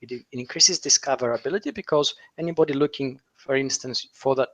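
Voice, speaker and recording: A man's voice: medium pitch, a little fast, rough recording. A man explaining online concepts in a talk, with frequent fillers, restarts and rhetorical questions. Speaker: SEO author and speaker.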